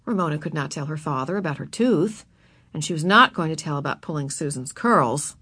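A woman reading a children's story aloud, expressive and putting on voices for the characters. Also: deep voice, brisk, breathy edge. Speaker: narrator. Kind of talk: children's book read aloud.

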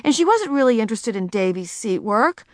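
Expressive woman reading a storybook. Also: a little high, a little fast, no echo, clean studio sound. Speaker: narrator. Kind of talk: audiobook narration.

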